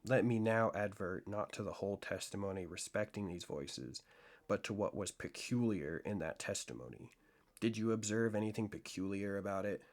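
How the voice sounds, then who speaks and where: A man voicing a coolly analytical gentleman detective, laying out his deductions in a measured, lecturing way in an audiobook reading. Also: on the low side, natural voice. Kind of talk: audiobook reading of classic fiction.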